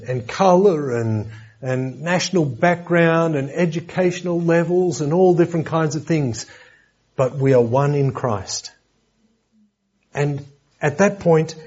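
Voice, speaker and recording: A man's voice: mid-range voice, a little mellow, husky, dull audio. A man preaching a sermon lesson in a conversational way, with joking asides and repeated words.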